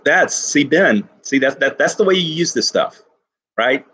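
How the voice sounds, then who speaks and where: A male teacher giving an enthusiastic poetry lesson to his class, reading lines slowly and stressing each syllable. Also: a little high, expressive, pushed and bright, breathy edge.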